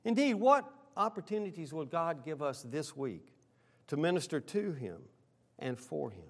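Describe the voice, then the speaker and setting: A middle-aged man preaching a sermon, earnest, rising on key lines and dropping low for quiet asides. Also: big pitch swings, moderate pace. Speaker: pastor.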